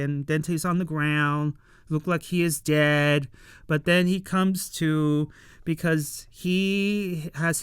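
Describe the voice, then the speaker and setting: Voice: mid-range voice, a bit bright, clear, resonant tone, dry recording, clean studio sound. A reviewer recapping a TV episode in a casual, rambling way, full of fillers and acting out the characters' lines.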